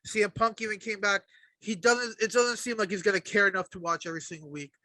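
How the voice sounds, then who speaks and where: Man, podcast co-host, high and very bright voice, profane heated rant, dry close sound. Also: fairly even intonation, quick pace, dry recording. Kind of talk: casual wrestling chat.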